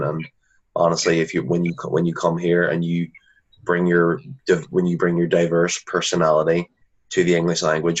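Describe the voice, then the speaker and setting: A man's voice: low voice, husky. A man, a guest in a casual interview, talking earnestly and often restarting his sentences. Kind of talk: casual conversation. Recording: dull lo-fi recording.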